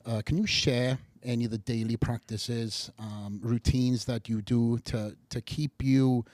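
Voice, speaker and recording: A man hosting a podcast, jokey and loud, briefly hard of hearing. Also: mid-range voice, fairly even intonation, a little slow, no echo. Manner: jokey, laughs, speaks loudly. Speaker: podcast host. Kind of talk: conversational interview.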